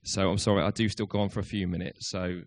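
A man's voice: sits low, little pitch movement, fast talker. A man in his thirties, a youth worker, giving a hesitant, self-deprecating farewell speech in church with many ums.

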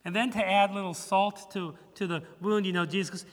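A middle-aged man, a pastor, preaching a sermon in a church in an animated, humorous way, acting out bits of dialogue. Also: high-pitched, fast, few pauses, long reverb tail. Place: church sanctuary.

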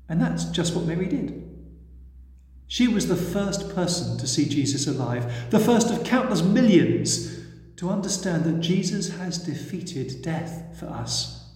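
A man preaching, retelling a story gently and expressively before leading a prayer. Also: high-pitched, animated, a little slow. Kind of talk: sermon storytelling. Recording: echoey church hall.

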